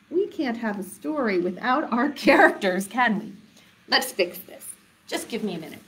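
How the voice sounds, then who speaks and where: A woman children's librarian leading a storytime for young children, animated and sing-song, coaxing them with questions. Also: fairly high pitch, moderate pace.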